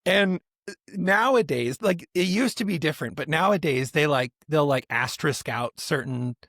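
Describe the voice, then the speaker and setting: A man's voice: on the high side, expressive, moderate pace, fairly bright tone, no room sound, clean studio sound. A man co-hosting a podcast, telling a story in a casual, rambling way with lots of restarts and asides. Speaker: podcast co-host. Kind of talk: casual chat.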